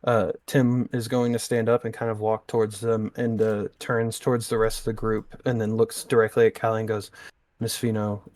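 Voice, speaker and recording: A man's voice: lowish voice, level tone, fairly quick, hardly any pauses, darkish tone, no room sound. A man playing a character in a tabletop game, narrating his actions casually with fillers. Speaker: player.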